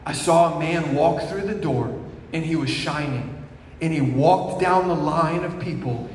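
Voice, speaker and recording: A young man preaching a testimony sermon, telling his story, swinging from hushed to shouting. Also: fairly high pitch. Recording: echoey hall from far off with faint noise.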